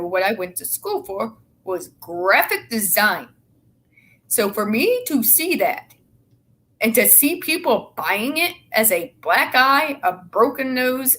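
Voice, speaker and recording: A woman's voice: on the high side, fairly bright tone. A young woman in casual, opinionated chat, blunt and sarcastic with a lot of swearing. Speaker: show co-host.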